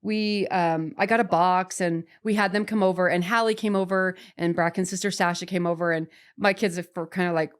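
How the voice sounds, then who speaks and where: A woman in her forties, a podcast guest, tells a personal story in a chatty, animated way, full of restarts and little "right?" checks. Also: fairly low pitch, a little fast, hardly any pauses, clear, resonant tone. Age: 40s.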